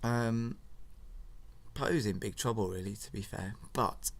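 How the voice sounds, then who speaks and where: A man casually retelling a film as a story to his child, relaxed and playful. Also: lowish voice, measured pace, vocal fry, no echo.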